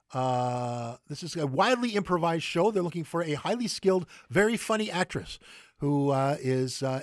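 A man's voice: fairly high pitch, no room sound, studio quality. A man hosting theater announcements, reading them casually with many fillers and restarts. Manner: halting, many fillers and self-corrections. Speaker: theater news host.

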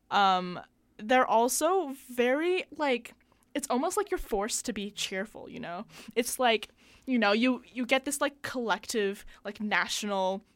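Quick, rambling woman on dry radio. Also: a little high, a bit bright, smooth, dry recording. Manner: quick, rambling, halting with fillers. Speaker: radio arts reporter. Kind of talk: casual radio chat.

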